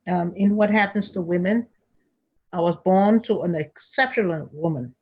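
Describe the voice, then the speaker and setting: A woman speaking as an interview guest in a measured, earnest way. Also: fairly low pitch, slightly rough, highs cut off. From Liberia. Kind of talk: interview conversation.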